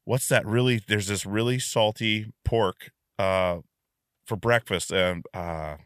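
A man hosting a podcast, chatting and telling stories in an animated way with many fillers. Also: on the low side, slow, clean tone, dry recording, clean studio sound. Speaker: podcast host. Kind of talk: casual chat.

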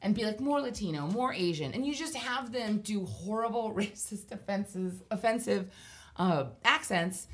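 A woman's voice: mid-range voice, measured pace. A woman telling a long story in casual chat, rambling and self-deprecating, laughing now and then as she talks. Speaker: podcast guest storyteller.

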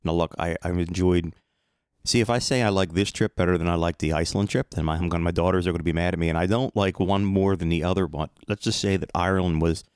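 Low-voiced man, rambling podcast host. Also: fairly even intonation, fast, darkish tone, clean tone, no echo, clean studio sound. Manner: rambling, playful, self-mocking. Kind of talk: casual solo podcast monologue.

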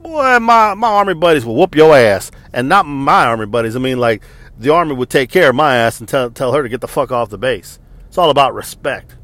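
Animated, exasperated man ranting. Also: medium pitch, fairly quick, no echo. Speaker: army veteran parent. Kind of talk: casual storytelling rant.

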